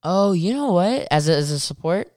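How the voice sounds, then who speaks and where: A man with a smooth, resonant voice chatting about games, pausing often as he hunts for the right word. the recording is dry and close, with no room sound around him. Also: sits high, animated, a little mellow, no echo. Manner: hesitant, searching for words. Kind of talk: casual gaming chat.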